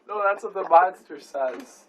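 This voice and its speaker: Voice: medium pitch, distant mic, slight background noise, rough recording. A young adult making up a comedy story among friends, giggly and rambling, often correcting themselves.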